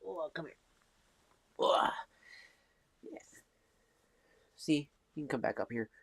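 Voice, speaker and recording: A man hosting a casual live stream, cooing affectionate baby talk and soft murmurs. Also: on the high side, lively intonation, takes it slowly, creaky, breathy edge, no echo. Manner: coos affectionate baby talk at a pet cat; soft-spoken, drifting between murmurs and bright calls.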